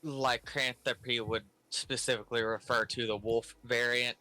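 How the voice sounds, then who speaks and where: A man playing a tabletop role-playing game, speaking calmly and deliberately on a dry close mic. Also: mid-range voice, rough recording. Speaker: player.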